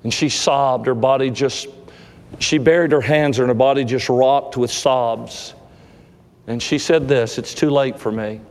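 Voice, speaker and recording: A man preaching a sermon and telling a story. He shifts between loud, emphatic lines and hushed, slow passages. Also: medium pitch, steady tone. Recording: long reverb of a large hall.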